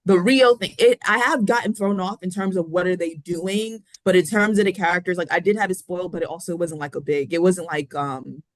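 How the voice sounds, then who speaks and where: A woman's voice: on the low side, brisk, hardly any pauses, no room sound. A woman co-hosting a podcast, talking casually and rambling, often correcting herself mid-sentence. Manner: rambling, self-correcting, animated storytelling. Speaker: podcast co-host. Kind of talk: casual pop-culture chat.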